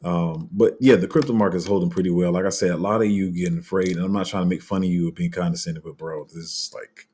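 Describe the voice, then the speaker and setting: A man's voice: low-pitched, steady tone, quick pace, few pauses, warm tone, breathy edge. A man hosting his own channel, talking in loose unscripted commentary, blunt and casual, often losing his place and filling gaps with ums. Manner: rambling, loses his place, heavy fillers; blunt, street-casual speech. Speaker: crypto channel host.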